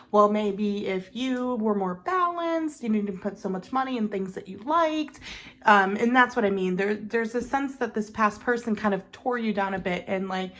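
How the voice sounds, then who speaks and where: A woman talking through a tarot spread in a loose, chatty way. She rambles, fills gaps with "um" and "like", and laughs lightly at herself as she goes. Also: medium pitch. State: has the hiccups. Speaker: tarot reader. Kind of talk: casual tarot reading to camera.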